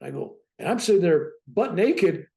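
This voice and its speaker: An older man in his seventies tells a long personal story as a podcast guest, animated and wry. His voice sits a little high for a man, yet it is gravelly and mellow in tone. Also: moderate pace. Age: 70s. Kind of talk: conversational storytelling.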